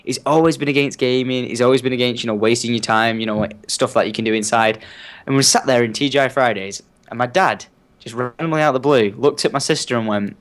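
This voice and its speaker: A man's voice: medium pitch, fairly quick. Young guy telling funny stories on a podcast, laughs a lot. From United Kingdom. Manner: animated storyteller who laughs often. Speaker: guest. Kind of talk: casual podcast chat.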